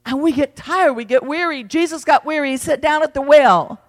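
High-voiced fervent preacher in a reverberant hall. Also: male voice, normal speed. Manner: fervent preaching with big swings in pitch and loudness. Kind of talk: evening sermon. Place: church sanctuary.

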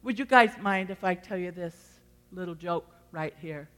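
A woman preacher delivers a sermon with a bright, forceful voice. She builds to loud, repeated declarations and then drops to hushed, chatty asides. Long church hall reverb trails every line. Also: lowish voice, moderate pace. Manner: swings from loud exhortation to quiet asides. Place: church sanctuary.

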